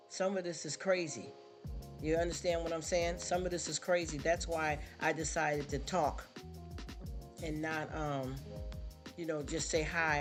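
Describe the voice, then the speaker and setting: Preachy man ranting on a livestream. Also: fairly high pitch. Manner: preachy, repeats himself, rhetorical questions. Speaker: livestream host. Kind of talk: casual livestream rant. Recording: livestream with music behind. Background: background music.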